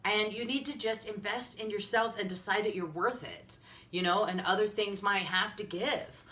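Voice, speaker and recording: Bright-voiced Midwestern woman, earnest and candid. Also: mid-range voice, moderate pace. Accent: upper Midwestern American. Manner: candid, earnest, tearful at times, laughs often. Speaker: health and fitness coach. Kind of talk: emotional live video talk.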